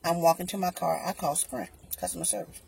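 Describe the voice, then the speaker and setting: A woman on her own vlog telling a customer service story in an animated way, acting out both sides of each exchange. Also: on the low side, quick pace, creaky, background noise. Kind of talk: storytime vlog, recounting an argument.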